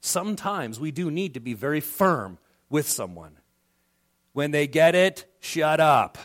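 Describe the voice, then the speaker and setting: A middle-aged male pastor delivers a sermon in a conversational way. His voice sits slightly high and rises and falls in a lively, animated way. He briefly acts out the people he quotes. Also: measured pace.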